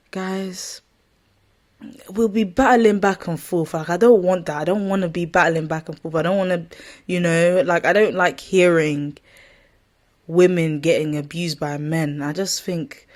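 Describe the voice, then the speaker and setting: A woman ranting casually to camera as a vlogger, rambling and correcting herself often in an exasperated way. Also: deep voice.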